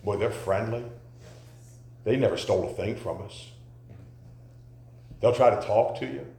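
A man preaching a sermon, telling folksy stories and rising to loud, emphatic questions. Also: lowish voice, a little slow, creaky. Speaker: pastor. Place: church sanctuary. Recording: echoey church sanctuary.

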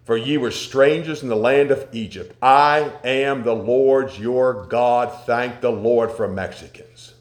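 A man preaching a sermon, telling folksy stories and rising to loud, emphatic questions. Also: mid-range voice, slow, hardly any pauses. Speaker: pastor. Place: church sanctuary. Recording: echoey church sanctuary.

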